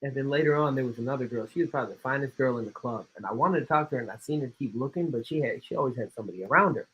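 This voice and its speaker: Guy cohost with a husky bright voice, kinda muffled lo-fi sound, rambles thru a story. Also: mid-range voice, racing. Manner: rambling anecdotes, swears. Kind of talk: casual chat. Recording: dull lo-fi sound.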